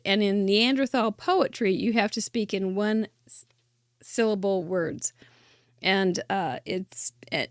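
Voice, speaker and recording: A woman's voice: a little high, dry recording, studio quality. A woman hosting a live craft show, chatting enthusiastically about cards and trailing off into fillers and little asides.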